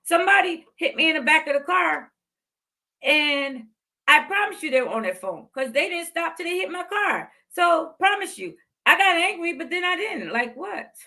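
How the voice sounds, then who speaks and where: Bright, high-voiced woman in her fifties. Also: animated, moderate pace. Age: 50s. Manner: heartfelt, repeats phrases for emphasis. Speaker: podcast host. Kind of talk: motivational faith talk.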